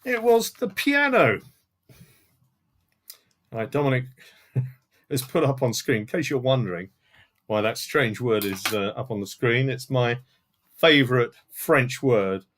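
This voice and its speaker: A man's voice: mid-range voice, normal speed. A man hosting a live-streamed music quiz from home, reading out answers and scores with dry joking asides. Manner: chatty, with asides and dry jokes. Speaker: quiz host. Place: home room in front of a CD collection.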